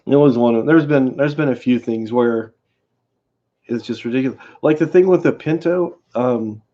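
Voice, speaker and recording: Mellow-voiced man rambling on a stream. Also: mid-range voice. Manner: rambling, halting, many restarts. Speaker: livestream host. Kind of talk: casual storytelling on a livestream. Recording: dull lo-fi stream audio.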